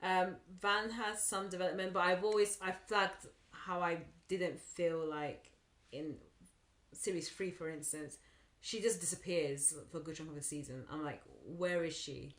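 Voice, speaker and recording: A woman's voice: lowish voice, steady tone, measured pace, a bit bright. A woman co-hosting a podcast, thinking her points through and often restarting. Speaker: podcast co-host. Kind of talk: casual chat. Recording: roomy echo.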